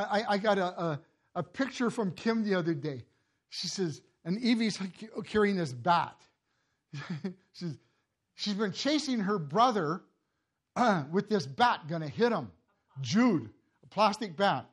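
An older man giving a sermon in a halting, repeating way, chuckling at his own family stories. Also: high-pitched. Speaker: preacher.

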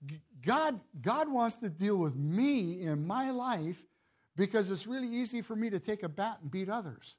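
Halting older man preaching, high voice. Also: lively intonation, a little mellow. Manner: halting, repeats words, laughs at his own stories. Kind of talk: sermon.

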